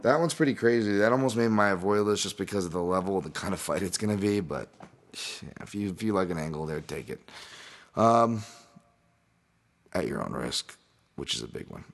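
A man with a very low voice hosts a solo podcast, rambling and doubling back on himself. His throat is sore and strained, and he laughs at himself now and then. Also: animated, brisk, vocal fry, long pauses. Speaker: podcast host and fight analyst. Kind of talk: casual solo podcast breakdown.

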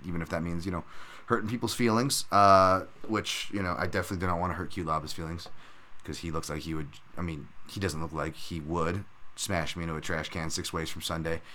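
Guy with a lowish voice doing a casual podcast fight recap, kinda rambly, says folks a lot. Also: bright, forceful tone. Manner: chatty, rambling, calls listeners folks. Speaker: podcast host.

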